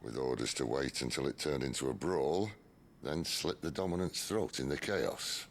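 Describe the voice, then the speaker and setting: A gravelly, deep outlaw leader. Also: male voice, normal speed, a little hiss or hum. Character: wry middle-aged male outlaw leader. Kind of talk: video game voice acting. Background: game music.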